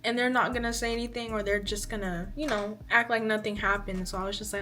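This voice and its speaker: A woman in her twenties chatting casually to camera, telling a story and acting out her own reactions with lively emphasis. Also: medium pitch, fast, few pauses, faint music behind. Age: 20s. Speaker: vlogger.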